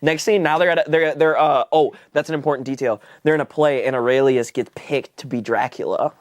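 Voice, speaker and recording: Young male podcast co-host, fairly high voice, dry close sound, lively storyteller who jumps into squeaky character voices. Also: fairly quick, no room sound. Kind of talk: casual chat.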